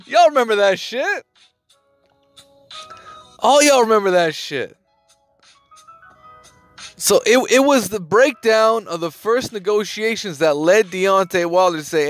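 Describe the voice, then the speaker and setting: Male sports-channel host, casual emphatic delivery, high voice, dry room, faint music bed. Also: animated, unhurried, pauses often, a bit bright, no echo. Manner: emphatic slangy talk, repeats phrases, swears. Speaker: boxing news host. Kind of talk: casual commentary to camera.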